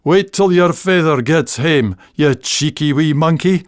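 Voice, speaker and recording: A man voicing a sharp-tongued older Scottish mother, scolding in broad dialect with a Scottish accent. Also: fairly high pitch, unhurried, clear, resonant tone, no echo, studio quality, lightly acted.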